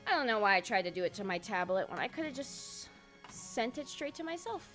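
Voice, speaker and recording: A woman streamer chatting casually and swearing often, muttering to herself between excited bursts. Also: fairly high pitch, a little fast, faint music behind. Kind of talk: casual vlog chat while sorting photos.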